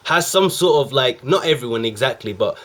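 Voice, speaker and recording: A young man hosting a reaction video, talking in a casual, excited, slang-heavy way. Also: medium pitch, fairly quick.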